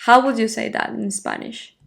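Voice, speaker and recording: A woman's voice: a little high, steady tone, normal speed, gravelly, a bit bright. A woman teaching a Spanish lesson online, patiently repeating phrases for a learner and praising each answer.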